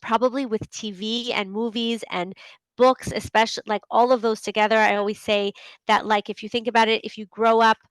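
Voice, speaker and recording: A woman's voice: on the high side, little pitch movement, a little fast, clean tone, no room sound, rough recording. A woman hosting a casual group video call, chatty and full of fillers, who often acts out inner voices. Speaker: host of a group coaching call. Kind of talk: casual talk to an online group.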